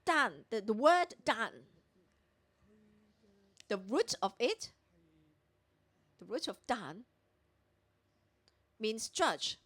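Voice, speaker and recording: A woman delivers a morning prayer sermon, teaching through a scripture passage verse by verse. Her voice sits high and swings widely in pitch, and she brings the characters' lines to life as she retells the story. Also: very animated, extremely slow, long pauses, a bit bright.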